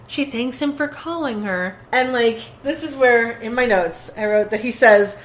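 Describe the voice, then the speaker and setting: A woman's voice: on the high side, normal speed, hardly any pauses. A woman co-hosting a podcast, casually recapping a TV episode and acting out quoted lines. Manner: animated retelling with quoted lines. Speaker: podcast co-host.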